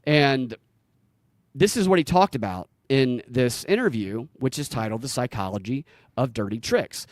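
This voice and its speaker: This Southern US podcast host has a mid-range voice with lively intonation and a moderate pace. The recording is dry and clean, studio-style. He rambles through casual stories, quick to laugh.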